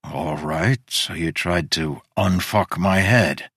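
A man's voice: low-pitched, slow, vocal fry, fairly bright tone, husky, dry recording, clean studio sound, full character voice. A man voicing a weary, devoted human man, earnest and blunt, in an audiobook reading. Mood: shaken, blunt.

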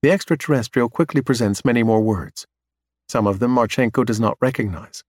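A man narrating a science fiction novel in a steady, even way. His voice sits at an ordinary middle pitch. The recording is dry and close, with no room echo. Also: a little fast. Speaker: audiobook narrator. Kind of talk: scripted narration.

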